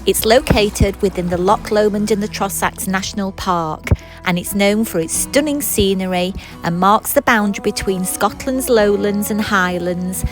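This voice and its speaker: Chatty woman vlogging a trip. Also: medium pitch. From not Scottish. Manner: chatty, apologetic, frequent ums. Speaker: travel vlogger. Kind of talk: casual travel vlog narration. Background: background music.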